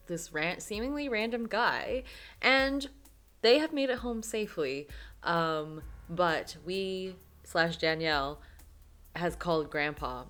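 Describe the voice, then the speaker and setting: A young woman with a fairly low voice plays through a story game, reading its text and drifting into rambling comments. She talks casually with many fillers. Faint music plays underneath. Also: animated, takes it slowly, bright, forceful tone. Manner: chatty, lots of fillers, trailing asides. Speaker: game streamer.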